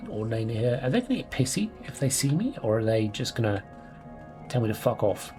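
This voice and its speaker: A man's voice: mid-range voice, very animated, quick pace, music in the background. A man casually commentating his own gameplay, chatty, playful and sweary. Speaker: let's play host.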